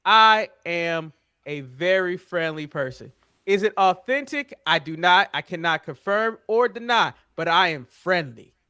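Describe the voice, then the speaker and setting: A man co-hosting a wrestling podcast in casual, animated chat with laughing banter and an American accent. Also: high-pitched, unhurried, clear, resonant tone, no room sound, studio quality. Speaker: podcast co-host.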